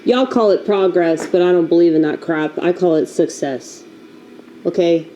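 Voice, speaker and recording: A woman's voice: fairly low pitch, moderate pace, dark tone, low-quality recording. A woman vlogger talking candidly to the camera, blunt, a little profane, emotional and self-mocking. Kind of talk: candid casual talk to camera.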